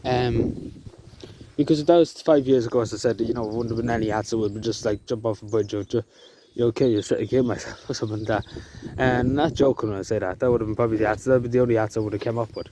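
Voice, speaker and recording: A man talking to camera outdoors in the countryside, halting and emotional, with many fillers and restarts. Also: mid-range voice, fairly even intonation. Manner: soft-spoken and emotional. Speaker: vlogger. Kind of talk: emotional outdoor vlog talk. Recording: outdoor noise in the background.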